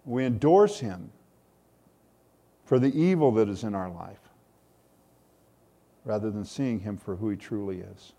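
A man's voice: lowish voice, unhurried, vocal fry, pauses often, dark tone. A man preaching a sermon as pastor, speaking with rising emphasis and reading scripture aloud.

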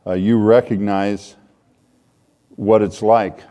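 A man's voice: lowish voice, fairly even intonation, moderate pace, mellow. A man preaching a sermon in a conversational way, reading scripture aloud with more force. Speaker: pastor.

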